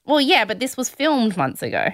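A woman hosting a podcast, chatting animatedly through a reality show recap with quick asides. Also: a little high, huge pitch swings, no room sound, studio quality. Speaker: podcast host.

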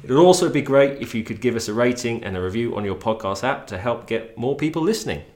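A man co-hosting a casual podcast, easygoing and quick to agree and laugh along. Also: medium pitch, lively intonation, a little mellow, roomy sound. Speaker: podcast co-host.

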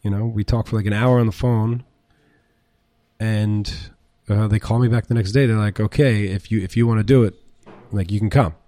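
Brief: middle-aged male chef, low voice, rambling anecdotes, dry close mic. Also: moderate pace, dry recording. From United States. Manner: rambling, animated, swears, many fillers. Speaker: chef and restaurant owner, guest. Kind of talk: casual storytelling interview.

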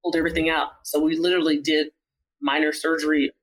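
Surgeon guest, casual storyteller, mid-pitched, lively retelling with voiced quotes. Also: fast, rough recording. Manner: animated, acts out quoted dialogue in the telling. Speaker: surgeon and author, podcast guest.

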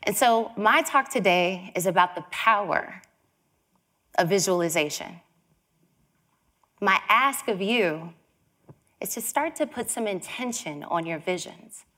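A woman from Chicago giving a storytelling talk, lively and acting out the voices she quotes. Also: mid-range voice, unhurried, pauses often. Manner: animated, acts out quoted voices.

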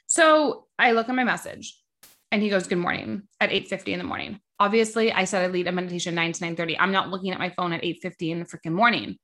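Chatty, bright-voiced woman podcast host. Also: mid-range voice, fast. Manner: chatty, emphatic, swears freely, rants when irritated. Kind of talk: casual storytelling monologue.

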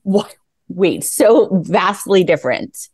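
Lively, teasing woman co-host. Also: medium pitch, slow, husky. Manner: playful, teasing interjections. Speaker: podcast co-host. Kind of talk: casual podcast interview.

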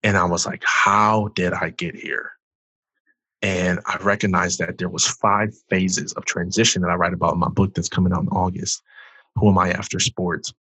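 A man, a former athlete and author, earnestly telling his personal story as a guest, loose and full of "like", turning loud when he acts out past outbursts. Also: low voice, breathy edge, no room sound. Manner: earnest, loose, heavy use of "like".

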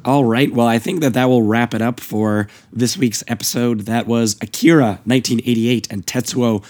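A man hosting a podcast in casual chat, his voice hoarse and worn out. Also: mid-range voice, fairly even intonation, normal speed, darkish tone. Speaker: podcast host.

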